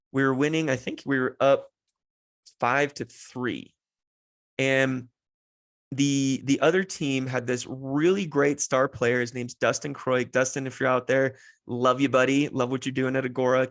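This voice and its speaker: A man's medium-pitched, slightly bright voice carries a heartfelt personal story on his podcast. In his thirties, he rambles and keeps starting over, his voice on the edge of tears.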